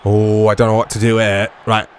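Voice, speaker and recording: A man giving casual let's-play commentary on a football video game, reacting excitably to the play. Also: on the low side, a little fast, slight background noise. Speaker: gaming YouTuber.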